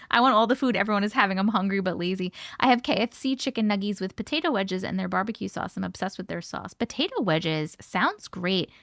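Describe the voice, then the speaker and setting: A woman's voice: medium pitch, lively intonation, brisk, gravelly, a bit bright, no echo, studio quality. A woman hosting a casual live stream, chatting and laughing while she reads out viewer comments and greets them by name. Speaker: livestream host.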